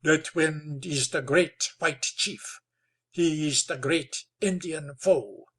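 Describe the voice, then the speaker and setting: A proud old chief speaks slowly and calmly, with grave dignity, as the narrator puts him on. His voice is husky and unhurried, and every phrase comes out measured and solemn. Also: a little high, heavily acted. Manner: slow, calm, sonorous.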